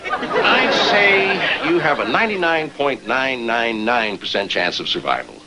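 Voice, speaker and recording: A deadpan family doctor. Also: male voice, mid-range voice, measured pace, over a noisy crowd, heavy background noise. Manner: dry, matter-of-fact, deadpan jokes. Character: dry, deadpan family doctor, middle-aged man. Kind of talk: sitcom acting.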